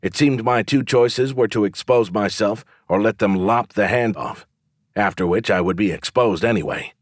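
A man reading a first-person fantasy audiobook in a measured, reflective way on a close studio mic. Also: lowish voice, no echo. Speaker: audiobook narrator.

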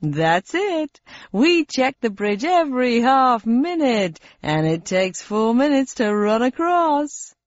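Sing-song beaming game show man, voiced by a woman, showy and slick, lively swoops, dull dry sound. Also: a little high, slow pace, dry recording, voice pushed up. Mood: cheerful. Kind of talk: audiobook character voice.

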